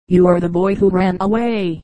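A woman voicing a lively, frank young girl who talks candidly and briskly, in an audiobook reading. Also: fairly low pitch, no echo, lightly acted.

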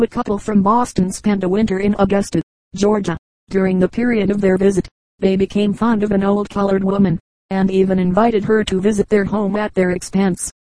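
A woman reading short humorous anecdotes aloud as an audiobook narrator, in a measured, even manner. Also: mid-range voice, no room sound, poor audio. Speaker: audiobook reader. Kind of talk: scripted narration.

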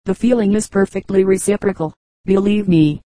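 A conceited dandy of an old storybook who heaps on ceremonious politeness, read by a woman narrator. The tone is mellow. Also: mid-range voice, moderate pace, no echo, natural voice, rough recording. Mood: gushing. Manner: gushing, ceremonious. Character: conceited foppish gentleman rival, man.

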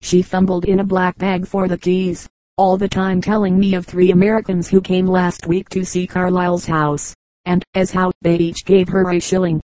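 Low, flat-voiced woman reading aloud. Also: no room sound, low-quality recording. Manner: measured, even reading. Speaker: audiobook reader. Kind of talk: scripted narration.

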